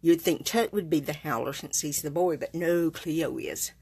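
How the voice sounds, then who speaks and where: A woman's voice: sits low, normal speed, a little mellow, husky. A woman chats in a folksy, rambling way with viewers during a live card-making demonstration. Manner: chatty, folksy, rambling asides. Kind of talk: live craft demo chatting with viewers.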